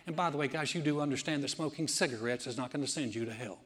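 A man preaching a sermon as pastor, animated and conversational, acting out the voices of people he quotes. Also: medium pitch, quick pace, husky, big-room sound. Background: congregation responding.

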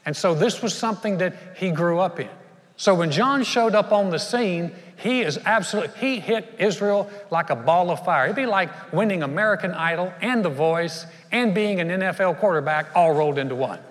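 A man preaching from the pulpit, his somewhat high voice rising in loud, emphatic bursts and then dropping to a hush. The sound carries a long, ringing reverb, as if caught in a large church sanctuary. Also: lively intonation, moderate pace. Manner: emphatic preaching, swinging between loud bursts and hushed lines. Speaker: pastor. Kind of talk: sermon.

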